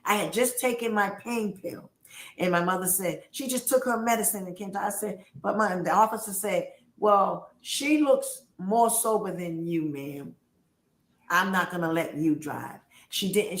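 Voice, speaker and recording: Emphatic woman telling a story in a roomy space. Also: on the low side. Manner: emphatic, acts out quoted voices. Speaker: guest on a livestream. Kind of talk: animated storytelling. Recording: roomy echo.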